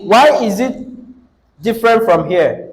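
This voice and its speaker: Slow, high-voiced teacher lecturing. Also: male voice, animated, low-quality recording. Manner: questions the class often, repeats key words. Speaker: English teacher. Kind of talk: classroom lecture.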